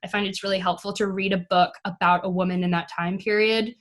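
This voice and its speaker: A woman's voice: mid-range voice, steady tone, a little fast, fairly bright tone. A woman speaking as an actress guest in a casual interview, chatty, with many fillers and easy laughs. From United States.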